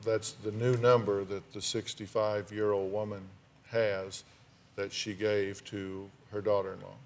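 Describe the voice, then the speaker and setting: A man's voice: lowish voice, level tone, unhurried, slight background noise. A man hosting a daytime talk show, asking pointed, probing questions of his guests.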